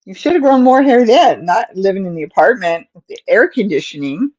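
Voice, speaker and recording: A woman's voice: mid-range voice, lively intonation, fairly quick, a little mellow. A woman hosting a casual crochet livestream, cooing in baby talk to her cat between rambling asides, on a slightly dull recording. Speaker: crochet channel host.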